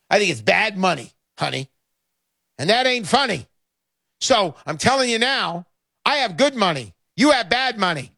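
A man's voice: sits high, creaky, bright, forceful tone, no echo. A middle-aged man hosting a radio talk show, brash and emphatic, repeating his lines for effect. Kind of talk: talk radio with sales pitch.

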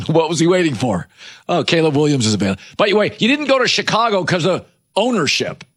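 A somewhat high-pitched man hosting a sports talk show. He talks in an emphatic, conversational way, firing off rhetorical questions and quick asides as he argues his point. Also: very animated, fairly bright tone, slightly rough. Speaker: sports radio host. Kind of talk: opinionated sports talk monologue.

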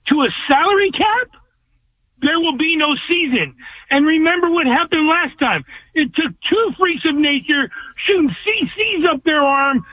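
A man's voice: very high-pitched, dry recording. A male caller from California on a sports show, talking bluntly and emphatically in a rant. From Orange, California. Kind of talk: phone-in rant. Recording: tinny dry phone line.

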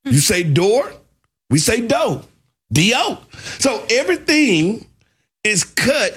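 A man with a Southern US accent, chatting on a talk show as an animated, playful storyteller. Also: very high-pitched, a little slow, breathy edge. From American South. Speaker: show co-host. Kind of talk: casual chat.

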